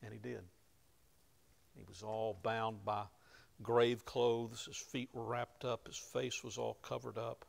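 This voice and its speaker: A man preaching a sermon, retelling scripture in plain conversational words and rising to loud emphasis at key moments. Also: medium pitch, little pitch movement, slow, gravelly. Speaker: pastor.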